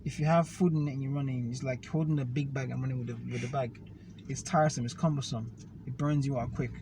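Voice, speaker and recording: A man's voice: mid-range voice, steady tone, fast. A man, casually explaining fitness and food with step-by-step analogies while riding in a car. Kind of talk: casual conversation. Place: inside a car. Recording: noisy car recording.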